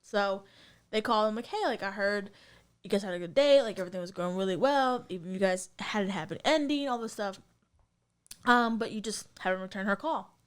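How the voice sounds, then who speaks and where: Fairly quick and smooth, this young woman's mid-range voice carries her loose, rambling stories as a podcast co-host. Her casual chat is dotted with plenty of ums and likes.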